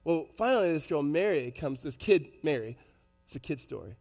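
Male pastor, slightly high voice, chatty storyteller, reverberant church hall. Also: normal speed, faint music behind. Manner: conversational storytelling, animated, many fillers and restarts. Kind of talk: sermon.

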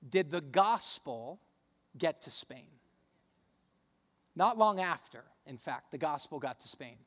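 A man's voice: a little high, expressive, slow pace, a bit bright. A pastor in his thirties preaching a sermon, conversational and storytelling, pressing harder on key points. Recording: long hall reverb.

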